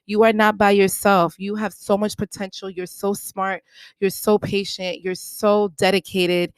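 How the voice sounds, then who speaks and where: A woman's voice: medium pitch, little pitch movement, unhurried, smooth, no room sound. A woman hosting her own podcast, speaking in an earnest, encouraging way and repeating her points for emphasis, with the odd playful aside. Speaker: podcast host. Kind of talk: solo podcast monologue.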